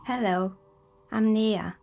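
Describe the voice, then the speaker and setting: A woman voicing a polite, soft-spoken female dice maker in a video game, calm and friendly. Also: medium pitch, slow pace, vocal fry.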